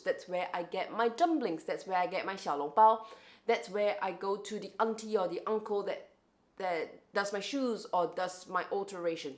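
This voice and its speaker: A young adult woman vlogging to camera in a casual, reflective way, often restarting and repeating words. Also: fairly low pitch.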